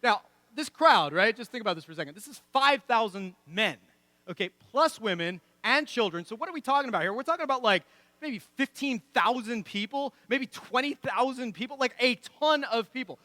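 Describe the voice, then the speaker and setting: A man's voice: very high-pitched, expressive, a little fast, pushed and bright, no room sound. A man preaching a sermon as pastor, conversational and emphatic, with many rhetorical questions. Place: church.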